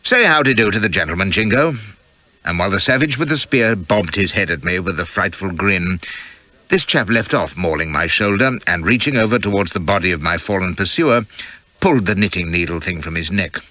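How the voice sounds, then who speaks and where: A man's voice: low-pitched, expressive, brisk, pushed and bright, no room sound, rough recording. A man reading an audiobook in a wry, sardonic first-person voice. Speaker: audiobook narrator. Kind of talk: audiobook narration.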